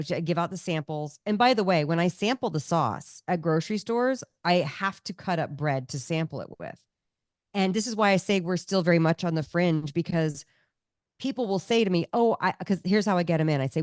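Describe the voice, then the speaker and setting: A woman with a slightly low voice telling lively, emphatic stories as a podcast guest. She talks with a comic's punchy delivery. The sound is dry and close to the mic. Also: dry recording. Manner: animated storyteller, emphatic. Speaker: guest, comedian and cookbook author. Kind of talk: casual interview chat.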